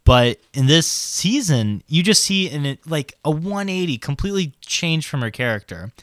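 A man co-hosting a casual podcast, swearing freely and retelling scenes with quick quoted lines. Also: on the high side, big pitch swings, a bit bright, dry recording, clean studio sound. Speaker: podcast co-host. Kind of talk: casual chat.

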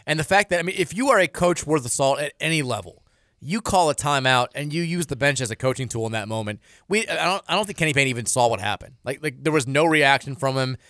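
A man hosting sports talk radio, mid-pitched and close on a dry studio mic. He rambles and restarts his sentences as he builds an argument. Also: fast talker, no room sound. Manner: animated, rambling, frequent restarts and repeated words. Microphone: studio microphone.

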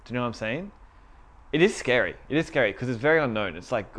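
A man's voice: medium pitch, quick pace. Young man preaching casually. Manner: conversational, animated retellings with quoted voices. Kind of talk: casual sermon.

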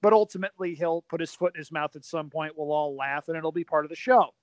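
A talkative man with a high-pitched voice, chatting enthusiastically on a podcast. His voice is recorded close and dry, with no room sound around it. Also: fast, dry recording. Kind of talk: casual chat.

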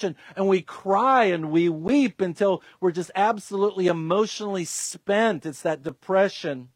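Pastor, man, high pitch, earnest sermon delivery, dry close recording. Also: no room sound. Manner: earnest, acts out quoted voices, restarts with fillers.

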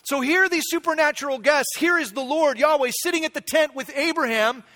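A man's voice: very high-pitched, a little fast, sharp tone. A man preaching a conversational sermon, acting out quotes and building in intensity. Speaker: pastor.

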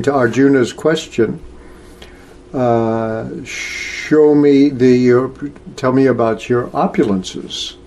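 A man teaching a scripture class in a slow, halting way, with many filler sounds as he explains verses. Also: mid-range voice, darkish tone, a little hiss or hum. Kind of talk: lecture on scripture.

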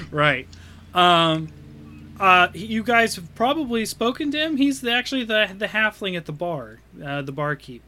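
A man narrating as game master for a tabletop game, relaxed, with many fillers. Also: high-pitched, measured pace, slight background noise.

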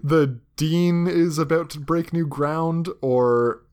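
A man's voice: fairly high pitch, darkish tone, clean tone. Young male podcast co-host, casual and jokey. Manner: jokey, riffs with quick asides. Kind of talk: casual chat.

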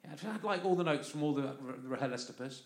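Over a loud crowd, a London podcast host with a highish, creaky voice talks fast through a live comic monologue. He rambles and chats at the festival venue, often laughing as he goes, and the space sounds roomy.

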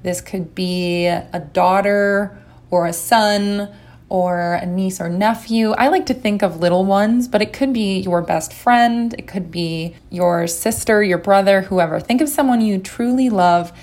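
A woman giving a gentle, encouraging instructional talk as a recovery coach. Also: medium pitch, unhurried.

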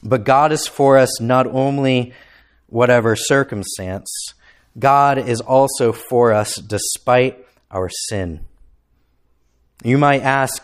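A man preaching a sermon as pastor, impassioned, climbing to emphatic peaks and then dropping low and quiet. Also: takes it slowly.

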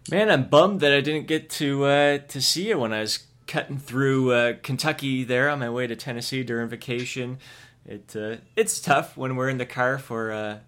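A man from Canada hosting a casual podcast chat, talking in a chatty, animated way. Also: medium pitch, normal speed.

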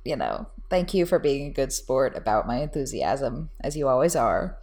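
A young adult woman co-hosting a casual podcast chat, animated, laughing often and acting out scenes she describes. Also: rumbling low, moderate pace. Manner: animated, laughs often, quotes lines in voices. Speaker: podcast co-host.

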